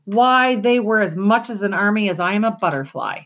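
A woman's voice: medium pitch, lively intonation, a little fast, pitched above the performer's own voice. A woman voicing a weary, cunning male giant rat who drawls his lines languidly and mockingly in an audiobook. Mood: languid mockery. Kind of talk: audiobook character voice.

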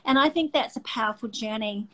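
Earnest, emotional Christian talk show host. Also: female voice, on the high side, brisk, poor audio. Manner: earnest, emotional, many restarts and fillers. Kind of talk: faith talk show interview.

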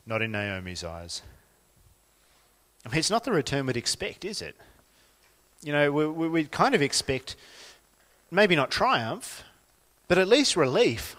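A man with an Australian accent preaching a sermon, swinging from quiet, reflective lines to loud, emphatic ones. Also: a little high, very animated, normal speed, big-room sound. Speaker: pastor.

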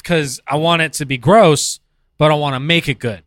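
Young guy cohosting, super laid back, jokey, bright kinda sharp voice, dry close mic. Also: on the high side, moderate pace, no echo. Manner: laid-back, jokey, says dude and bro. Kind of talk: casual chat.

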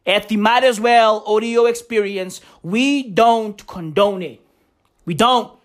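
Male comic host, slow, rubbery ranting delivery, shouting one moment and muttering the next, with mock outrage throughout. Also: high voice. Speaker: comedy podcast host. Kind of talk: profane comedic rant.

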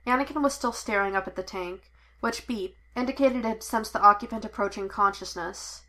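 A woman reading a piece of fan fiction aloud as narrator, even and measured. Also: medium pitch. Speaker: podfic reader. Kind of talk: storybook narration.

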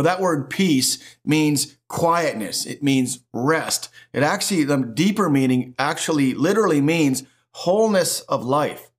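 A middle-aged male pastor preaching with a fairly high voice. He builds emphatic, repetitive phrases and keeps the delivery animated. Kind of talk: sermon.

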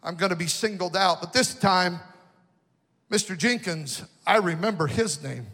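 A man preaching a youth sermon, joking through personal stories and rising into shouted preaching before a live audience. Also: high voice, moderate pace, big-room sound. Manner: jokey storytelling, building to shouted preaching. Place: large hall with an audience.

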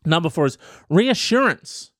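Comedic male podcast host, rambling and profane, very lively delivery, dry sound. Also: a little high, a little slow, dry recording. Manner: reads out an article and riffs on it.

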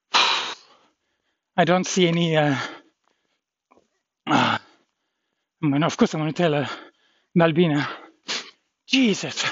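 A man's voice: on the high side, slow pace, pauses often, fairly bright tone, dry recording, muffled recording. A shaken man rambling about a dog fight, swearing under his breath and trailing off. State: shaken, adrenaline-pumped. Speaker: vlogger. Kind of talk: shaken personal vlog after a dog fight.

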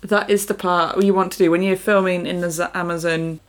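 A woman's voice: fairly low pitch, steady tone, a little fast. A woman casually discussing a film with a friend, agreeing a lot and now and then venting frustration in short bursts. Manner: chatty, agreeable, breaks into short frustrated rants. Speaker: podcast co-host. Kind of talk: casual chat.

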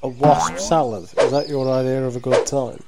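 A man's voice: medium pitch, moderate pace, creaky. A man in an improvised comedy play, trading cheeky, dry banter. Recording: loud background noise.

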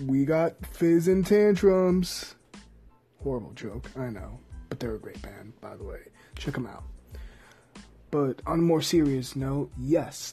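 Gravelly-voiced man hosting a sports podcast. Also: mid-range voice, warm tone. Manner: joking, rambling, laughs at own jokes. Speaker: podcast host. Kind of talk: casual sports podcast monologue.

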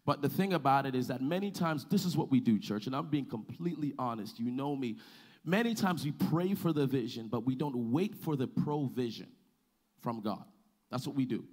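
A man preaching a sermon to his church, calling for responses and building to loud, sung-out climaxes. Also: medium pitch, lively intonation, normal speed. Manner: preaching with call-and-response, swelling to shouts. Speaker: pastor.

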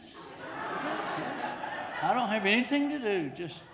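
This middle-aged pastor's voice sits high and is very animated, yet he takes his time. Preaching in a church sanctuary with an echoey hall sound and a very noisy recording, he shares a funny personal story and keeps repeating words along the way.

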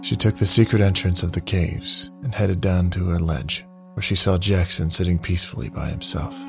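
Deep, gravelly male storyteller. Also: fairly even intonation, normal speed. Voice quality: husky, creaky. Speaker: narrator. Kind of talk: scripted story narration. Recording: dry close mic, faint music.

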